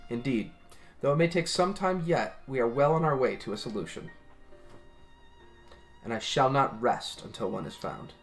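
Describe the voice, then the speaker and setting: A man's voice: medium pitch, lively intonation, normal speed, faint music behind, close to an everyday voice. A man voicing an earnest, devoted male leader of a city, speaking formally and politely.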